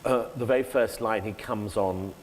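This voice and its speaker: A man's voice: on the low side, moderate pace. A man, an actor, talking animatedly about his stage work in a public conversation, often breaking off and acting out lines. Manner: animated, self-interrupting, acts out quoted lines. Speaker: actor, interview guest. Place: lecture hall before an audience. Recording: echoey hall with faint noise.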